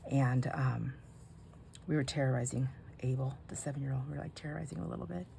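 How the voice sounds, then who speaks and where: A middle-aged woman with a low, gravelly voice chats casually while she crafts in her home craft room. She rambles from story to story and often drops into soft, almost whispered asides. A faint hiss of noise sits under the recording. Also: steady tone, fast talker. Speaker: craft vlogger and grandmother.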